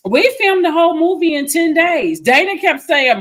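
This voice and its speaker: A woman's voice: sits high, lively intonation, normal speed, few pauses, fairly bright tone. A woman, chatting effusively as a filmmaker guest and repeating herself for emphasis. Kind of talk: casual interview chat.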